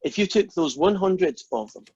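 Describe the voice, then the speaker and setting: A man's voice: sits high, expressive, normal speed, darkish tone. A male lecturer talking informally to his class over a video call, rambling and joking between explanations. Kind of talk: online lecture with jokes and Q&A. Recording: husky voice, dull lo-fi audio.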